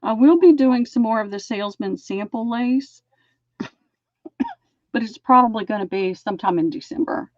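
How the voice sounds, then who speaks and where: A woman's voice: on the high side, animated, dry recording. Lady hosting a live lace sale, chatty, dry dull-ish stream audio. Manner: chatty, describes lace items slowly.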